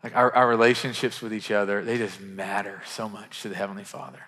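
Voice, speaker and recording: Earnest pastor in a reverberant church. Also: male voice, lowish voice, little pitch movement, a little fast. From western Kentucky. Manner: earnest, conversational, frequent restarts, drops to hushed tones for quoted lines. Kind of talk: sermon. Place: church sanctuary. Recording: church sanctuary with long reverb.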